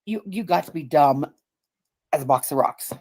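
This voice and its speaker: A woman's voice: low voice, animated, moderate pace, a little mellow, slightly rough. A woman, co-hosting a livestream in casual, profane, mocking chat, acting out other people's words. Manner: profane, mocking, acts out quotes. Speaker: livestream co-host.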